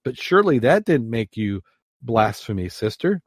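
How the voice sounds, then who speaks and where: A man's voice: medium pitch, very animated, moderate pace, slightly rough, no room sound, studio quality. A man voicing a prim, composed elderly Mother Superior while telling a joke.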